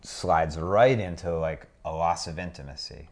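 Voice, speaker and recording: A man co-hosting a relationship podcast, talking in a measured way and affirming and building on his co-host's points. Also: low voice. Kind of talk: casual chat.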